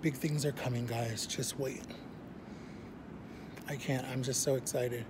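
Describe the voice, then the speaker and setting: A man's voice: mid-range voice, fairly even intonation, measured pace. Chatty male vlogger, noisy recording. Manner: chatty, addresses viewers directly. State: out of breath. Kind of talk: casual vlog to camera. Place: outside a hospital in early morning.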